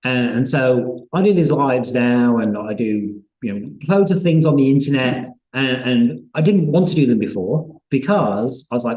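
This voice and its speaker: A male interviewer with a warm, relaxed tone leads a live online chat. He talks in a halting way, with many restarts and fillers before each question lands. The recording has a noticeable roomy echo. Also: mid-range voice. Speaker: host.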